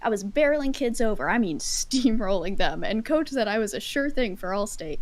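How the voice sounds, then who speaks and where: A woman's voice: medium pitch, expressive, normal speed, poor audio. A woman chatting and reading a story aloud with a self-conscious, giggly manner. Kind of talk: casual chat and dramatic reading. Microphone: headphones.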